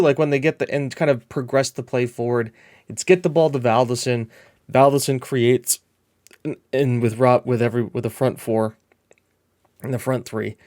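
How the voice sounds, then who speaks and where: A man chatting casually over his own gameplay, rambling through his thoughts and breaking into excited shouts when the action heats up. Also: mid-range voice. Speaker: gameplay commentator. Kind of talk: casual let's-play commentary.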